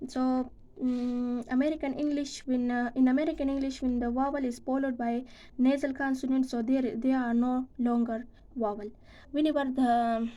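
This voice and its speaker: A woman's voice: on the high side, dark tone, rough recording. A woman giving a class presentation, speaking hesitantly with many fillers and restarts. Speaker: student presenter.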